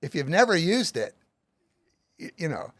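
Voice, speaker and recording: A man's voice: on the high side, very animated, normal speed, fairly bright tone, dry recording. A middle-aged man as an author and guest, explaining his method with plenty of everyday examples. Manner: emphatic, uses lots of everyday examples.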